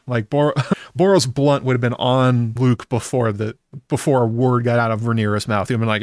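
Guy doing a casual tv recap, wry and chatty, mid-pitch voice, dead dry sound. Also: fairly even intonation, normal speed, no echo. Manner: chatty, wry, drops occasional swear words. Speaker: TV episode recapper. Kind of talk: casual episode recap commentary.

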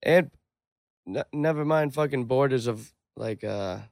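A young man in casual chat, excitable and swearing heavily. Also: mid-range voice, a little slow, dry recording, clean studio sound.

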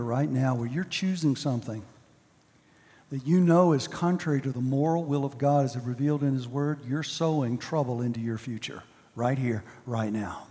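A male pastor delivering a sermon, with emphatic repetition and slow, drawn-out stresses. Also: mid-range voice, mellow, in a large hall.

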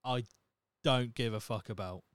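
A man's voice: mid-range voice, measured pace, smooth, no echo. A young man hosting a solo podcast, talking in a blunt, sweary, opinionated way. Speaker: podcast host. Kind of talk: casual solo podcast rant.

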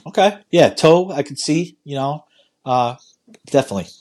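A man hosting a casual podcast, easygoing and quick to laugh, often restarting his sentences. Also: on the high side, animated, darkish tone. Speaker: podcast host.

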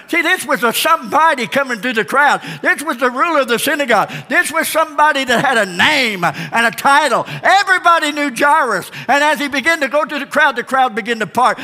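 Pastor preaching hard, bright piercing voice, goes loud then real quiet, echoey church. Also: male voice, extremely high pitch, animated, normal speed. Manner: dramatic storytelling, swinging from shouts to hushed tones. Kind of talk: sermon. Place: church sanctuary. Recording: reverberant church hall.

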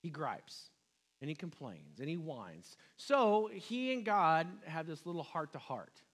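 A pastor preaches in a relaxed, conversational way, retelling scripture in everyday words. His voice sits a bit higher than most men's. He often turns to the listeners with questions and acts out the quoted speech, dropping low and rising high. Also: unhurried. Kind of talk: sermon.

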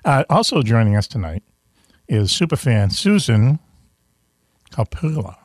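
A man with a Boston accent hosts a loose chat show over a video call. He rambles, laughs at his own slips and fills gaps with "uh". His voice sits at a middling pitch, and the sound is dry and close. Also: big pitch swings, a little slow, breathy edge, no room sound. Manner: rambling, self-deprecating, full of fillers. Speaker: host. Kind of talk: casual chat.

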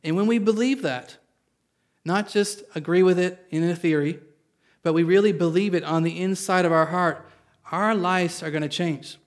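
Slightly high-voiced preaching man. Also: normal speed. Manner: earnest preaching that asks the congregation for an amen; reads scripture aloud and explains it in plain talk. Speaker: pastor. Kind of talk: sermon.

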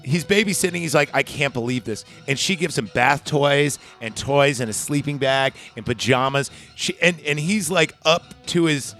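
A man's voice: a little high, moderate pace, few pauses, fairly bright tone, soft background music. A man casually recapping a film on a podcast, rambling and swearing as he acts out its lines. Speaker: podcast co-host. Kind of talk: casual movie recap chat.

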